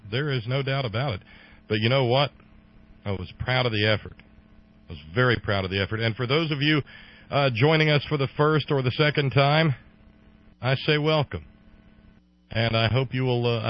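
A middle-aged male radio host with a lowish voice rambles through a political monologue, restarting his sentences and reaching for fillers. He turns sarcastic and gets loud when he mocks his targets. The sound is dull and lo-fi, like an old radio broadcast. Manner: sarcastic, loud mocking outbursts. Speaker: radio talk show host.

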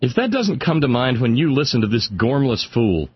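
A man's voice: mid-range voice, big pitch swings, normal speed, breathy edge, highs cut off. A man hosting a radio talk show, delivering sardonic, rambling political commentary and stumbling over repeated words as he gets worked up.

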